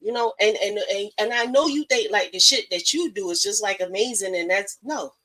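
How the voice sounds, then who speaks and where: A woman's voice: medium pitch, fairly quick, pushed and bright, poor audio. Woman, blunt, profane, preachy, casual live-stream talk, mid-range voice. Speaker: podcast host.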